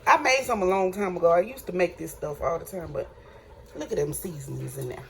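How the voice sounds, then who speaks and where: A woman's voice: on the low side, a little fast, vocal fry. A woman filming a casual cooking vlog in her home kitchen, chatting with her viewers and calling them y'all as she cooks. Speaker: home cook vlogger. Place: home kitchen with frying on the stove. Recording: noisy kitchen recording. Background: sizzling pan and running tap.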